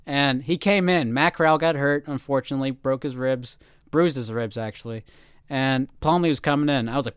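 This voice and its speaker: A man's voice: mid-range voice, fairly quick, clear, resonant tone, no echo, clean studio sound. A man co-hosting a casual sports podcast, telling stories with animation and acting out the quotes. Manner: animated storyteller, acts out quotes. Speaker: podcast co-host.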